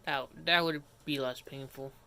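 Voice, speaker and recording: A man's voice: medium pitch, fairly even intonation, normal speed, gravelly, pushed and bright, smooth. A man streaming live and chatting casually as he works, rambling, breaking off mid-sentence and grumbling to himself. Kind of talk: casual livestream commentary.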